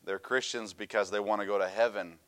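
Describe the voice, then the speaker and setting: A middle-aged man preaching a sermon, animated and storytelling, swinging from loud emphasis to quiet asides. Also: on the low side, brisk.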